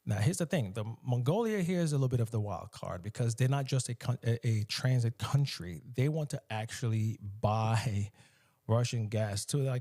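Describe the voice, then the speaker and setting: A man from the United States giving animated, emphatic solo commentary, often slipping into mocking voices. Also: medium pitch, normal speed.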